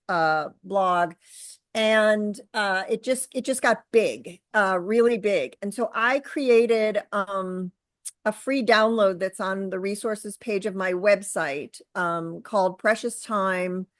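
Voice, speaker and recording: A middle-aged woman speaking as a guest in an interview, earnest and halting, with frequent fillers and restarts. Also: medium pitch, no room sound. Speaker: guest, author and caregiver. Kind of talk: conversational interview.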